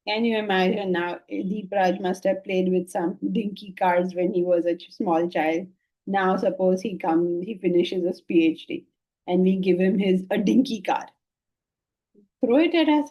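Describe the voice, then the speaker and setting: A woman's voice: mid-range voice, measured pace. A middle-aged woman, giving a spiritual discourse to a class, speaking conversationally and acting out people's replies. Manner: conversational, acts out quoted replies, laughs often. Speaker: Vedanta teacher. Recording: dull lo-fi class recording.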